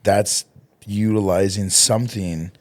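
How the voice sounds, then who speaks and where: A man's voice: fairly low pitch, fairly even intonation, unhurried, darkish tone. A man hosting a podcast in a loose, rambling way, swearing casually. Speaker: podcast host. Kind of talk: casual chat.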